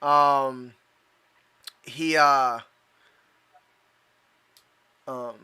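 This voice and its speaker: A man's voice: mid-range voice, fairly even intonation, extremely slow, sharp tone, smooth. A man running a tabletop superhero game as game master, talking hesitantly with many fillers. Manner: hesitant, full of fillers, laughing often.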